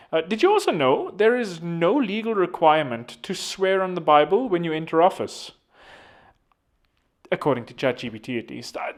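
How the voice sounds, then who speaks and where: A man hosting a podcast, talking in a rambling, casual monologue full of fillers and self-corrections. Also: medium pitch. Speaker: podcast host.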